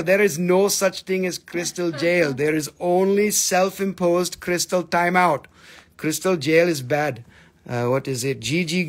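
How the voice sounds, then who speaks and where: A man runs a live sales stream for rocks and crystals, full of jokes, swearing and banter with viewers. His voice sits high for a man and has a gravelly, fried edge. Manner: playful, joking, swearing, rapid banter.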